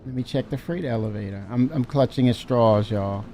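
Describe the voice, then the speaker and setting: Male game streamer, dark mellow tone, wry, mock-angry running commentary. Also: mid-range voice, a little fast. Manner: wry, mock-angry grumbling with self-mocking laughs. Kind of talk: live gameplay commentary.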